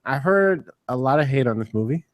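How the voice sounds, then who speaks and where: Podcast host dude firing off questions, dead dry mic sound. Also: male voice, mid-range voice, expressive, no room sound. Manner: asks quick questions, drives the talk. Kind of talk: casual chat.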